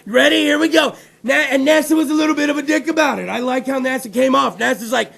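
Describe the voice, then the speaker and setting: A man hosts a live internet talk show in a crude, joking, loud manner. His voice sits very high and carries heavy gravelly fry throughout. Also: quick pace, few pauses. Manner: loud, crude, jokey, swings into a soft low put-on voice.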